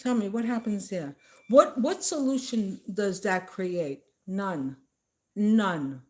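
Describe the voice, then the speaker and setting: A woman's voice: mid-range voice, expressive, unhurried. A woman at home, giving a casual political rant to the camera. She scolds her targets emphatically and says the same phrases over and over.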